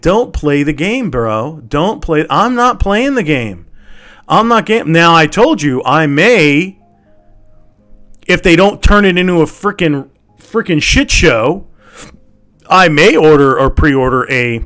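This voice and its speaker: A man hosting his own channel, delivering an angry, swearing rant that repeats its points and swings from loud outbursts to low mutters. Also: lively intonation, slow, soft background music. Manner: heated, swearing, repeats himself. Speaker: channel host.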